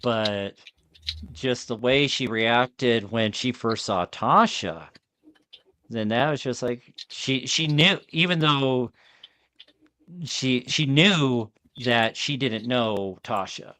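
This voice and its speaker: A man of mid pitch talks through a casual podcast chat from a dry, close mic with no room sound. He rambles, trips over his words and starts sentences again. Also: takes it slowly, bright, forceful tone, no echo. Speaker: podcast host. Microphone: video call.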